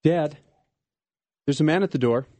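A man's voice: fairly high pitch, normal speed, warm tone, no echo, voice pushed up, natural voice. A man voicing a worried young daughter in a dramatic reading, in a hesitant, timid way. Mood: anxious.

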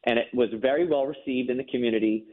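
A fast-talking man with a medium-pitched, fairly even voice gives personal testimony as a guest in a faith interview. Earnest and emphatic, he repeats words when moved, and the audio comes over a phone line.

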